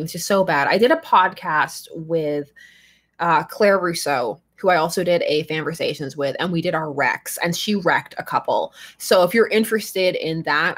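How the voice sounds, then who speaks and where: Husky-voiced woman host, lower pitch, casual and giggly live-chat energy. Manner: chatty, rambling, laughs often. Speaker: fandom channel host.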